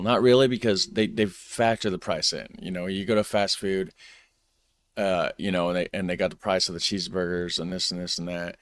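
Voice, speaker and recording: A man's voice: low-pitched, steady tone, brisk, bright, forceful tone, dry recording. An American man hosting a reaction video, rambling in a laid-back, chuckling way. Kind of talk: casual commentary.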